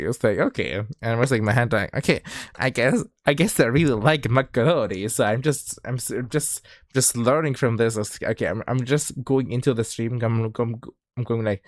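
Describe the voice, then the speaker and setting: A man's voice: medium pitch, normal speed, dry recording, studio quality. A man with a German accent and a slight lisp, chatting casually on a livestream, giggly and full of "like" fillers. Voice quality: slightly lispy. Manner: animated, giggly, many "like" fillers. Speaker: streamer. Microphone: streaming mic.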